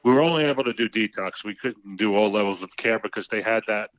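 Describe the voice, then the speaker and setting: A man, a treatment center executive guest on a radio talk show, speaking in a lively, teasing way and often repeating words as he goes. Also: on the low side, quick pace, no room sound. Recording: slightly muffled lo-fi sound.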